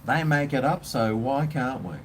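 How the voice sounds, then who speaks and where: A man's voice: mid-range voice, normal speed, a little hiss or hum. A man with an Australian accent, ranting bluntly and swearing as he chats casually with viewers on his livestream. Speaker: live stream host.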